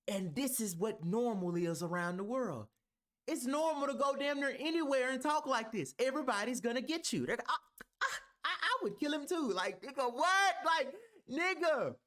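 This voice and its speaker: A man's voice: extremely high pitch, expressive, normal speed, sharp tone. A man reacting to a clip, heated and argumentative, talking with heavy profanity. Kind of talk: ranting reaction commentary.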